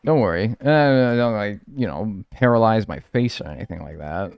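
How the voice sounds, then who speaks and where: A man from North America giving casual live commentary while playing a game, rambling and joking, with sudden loud yelps. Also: lowish voice, expressive, moderate pace, gravelly. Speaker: streamer playing a life-sim game.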